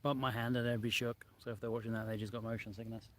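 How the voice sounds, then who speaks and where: A man's voice: mid-range voice, flat delivery, racing, a bit bright. A man hosting a casual live stream outdoors by a lake, chatting and reading out viewer comments, filmed on a handheld phone. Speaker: vlog host.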